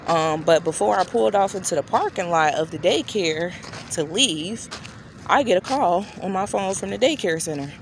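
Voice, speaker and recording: A woman's voice: animated, moderate pace, creaky, slight background noise. Chatty woman telling a storytime. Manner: chatty, addresses viewers directly; acts out quoted dialogue with shifting pitch. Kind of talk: casual storytime.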